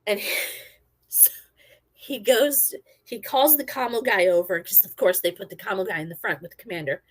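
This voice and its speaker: A middle-aged woman and former army medic, casually telling a story and acting out her own quotes loudly. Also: mid-range voice, normal speed, husky.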